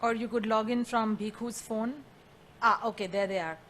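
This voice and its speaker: A woman with a fairly high voice reads a devotional story aloud in a measured, earnest manner. She hosts an online spiritual gathering, and her voice comes through a computer mic on a video call. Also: steady tone, fairly bright tone, slight background noise. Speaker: satsang host.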